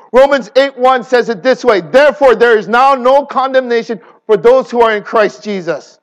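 A man preaching a sermon, swinging between hushed and impassioned and asking the audience rhetorical questions. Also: sits high, rough recording.

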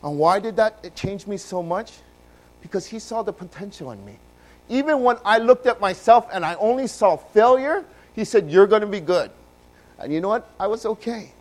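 Man preaching through a personal story, slightly high voice, animated and dynamic. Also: moderate pace, rough recording. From Hawaii. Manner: animated, swings from loud bursts to hushed low passages.

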